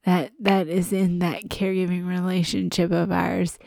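A woman co-hosts a relaxed podcast with a stuffy head cold. Her voice is low, gravelly and dark, with a flat, slow delivery. The sound is dry and close. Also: dry recording. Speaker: podcast co-host. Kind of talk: casual podcast chat.

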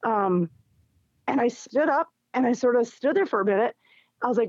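A woman's voice: a little high, normal speed, long pauses, breathy edge, dry recording. A middle-aged woman, an interview guest, telling a personal story in casual chat and acting out what others said. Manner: animated, acts out quoted dialogue with laughs. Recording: dull, dry lo-fi recording.

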